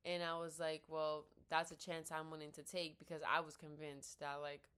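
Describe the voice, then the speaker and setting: A young woman rants about her life into a laptop mic, her voice sitting a touch low. She is blunt and profane, and she acts out her own lines and the other person's in quick back-and-forth. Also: level tone, fairly bright tone, clean tone. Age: young adult. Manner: blunt, swears freely, quotes herself and others in quick dialogue. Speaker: vlogger. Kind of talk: casual storytelling rant. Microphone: laptop built-in mic.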